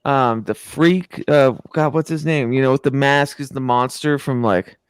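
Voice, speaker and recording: A man hosting a podcast in casual chat, enthusiastic and quick to agree. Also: mid-range voice, fairly even intonation, clean tone, dry recording, clean studio sound. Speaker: podcast host.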